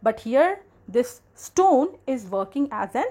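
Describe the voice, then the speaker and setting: A woman's voice: high voice, sing-song, takes it slowly, dark tone. A woman teaching a grammar lesson, explaining patiently and repeating key terms.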